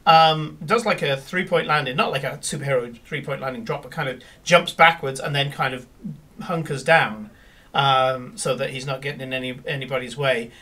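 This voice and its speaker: A man narrating a tabletop game as its game master, at a middling pitch. He rambles with lots of ums and restarts. His voice comes from a little away from the mic. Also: normal speed, sharp tone, recorded from a distance. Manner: rambling with many fillers and restarts.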